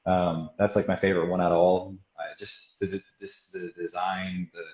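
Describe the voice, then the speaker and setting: A man's voice: deep voice, level tone, brisk, a little mellow. A man, a guest auto body technician, telling stories from the shop in a casual, rambling way and laughing often. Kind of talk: casual storytelling chat. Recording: roomy, dull lo-fi sound.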